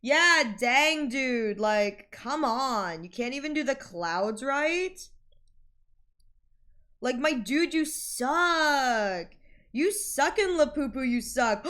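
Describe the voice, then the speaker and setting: A woman streamer with a high voice talks slowly while she draws. She's chatty and rambling, full of fillers and laughter, and she tells stories animatedly, acting out other people's lines.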